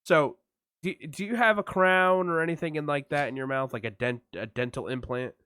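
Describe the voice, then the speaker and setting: A man's voice: a little high, moderate pace, clear, resonant tone, no room sound. A man co-hosting a podcast, telling a story with lots of swearing and acted-out voices. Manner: animated storytelling, acts out voices, swears a lot. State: numb mouth after dental work. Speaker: podcast co-host. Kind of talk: casual chat.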